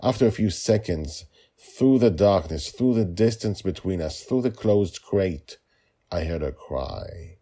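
A man doing an ancient red dragon who tells the tale with grave tenderness. The voice sits very low, with a husky, breathy grain. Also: animated, unhurried, warm tone, full character voice. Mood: tender.

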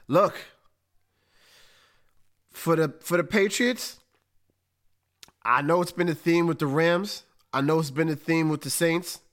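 A man hosting a casual sports talk show, breaking down football matchups in an emphatic, animated way with slang. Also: a little high. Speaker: podcast host.

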